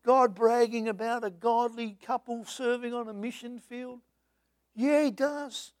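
A male preacher, delivering a sermon that swings between booming lines and hushed, half-sung hymn verses. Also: steady tone, a little slow, no room sound, clean studio sound.

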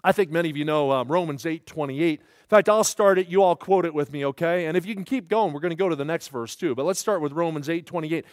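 A man's voice: fairly high pitch, quick pace, hardly any pauses, dry recording, clean studio sound. A man preaching a sermon, telling stories in a folksy way and building to emphatic rises.

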